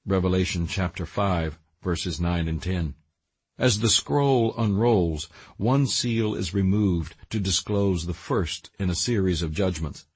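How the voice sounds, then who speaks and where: Husky low-voiced man reading earnestly. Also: dry recording. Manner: earnest, measured reading with emphatic rises. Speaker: audiobook narrator. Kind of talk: scripted narration of a Christian book.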